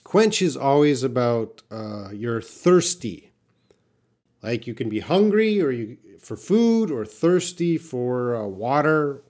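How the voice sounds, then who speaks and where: Slow, patient male English teacher. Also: mid-range voice, very animated, a little mellow. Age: young adult. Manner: slow, patient explaining with restarts and fillers. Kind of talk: live Q&A lesson, reading viewer questions.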